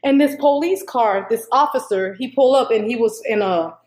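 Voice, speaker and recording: A young woman telling a dream at length in casual speech, rambling and animated, with many restarts and quoted dialogue. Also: fairly high pitch, moderate pace. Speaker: YouTuber sharing a prophetic dream. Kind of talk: casual spoken dream account.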